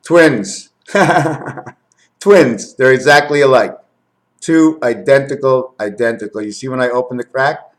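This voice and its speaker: A man talking to his camera in a rambling home video, counting numbers aloud, correcting himself and getting excited over what he finds. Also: mid-range voice, slow pace, pauses often, a little hiss or hum. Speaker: video maker.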